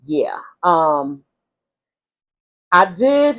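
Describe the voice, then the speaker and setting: An animated woman tells a story from her past straight to the camera. She rambles and restarts often, and her pitch leaps up whenever she acts out what other people said. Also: moderate pace. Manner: animated retelling, acting out quoted voices in a high pitch; rambling with many fillers and restarts. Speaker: vlogger telling her life story. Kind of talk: casual storytime monologue.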